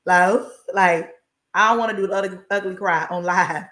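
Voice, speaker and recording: A woman's voice: fairly low pitch, fairly even intonation, normal speed, fairly bright tone, echoey room. A woman giving an encouraging faith talk on a livestream, emphatic and repetitive, with a preacher-like cadence and folksy asides. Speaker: inspirational speaker.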